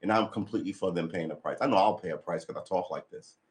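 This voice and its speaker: Deep-voiced guy rambling on his morning stream, tired, kinda cranky, lots of sighs. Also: fast. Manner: rambling, offhand, sighs and restarts. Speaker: livestreamer. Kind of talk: casual rambling livestream chat. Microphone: desk mic being adjusted.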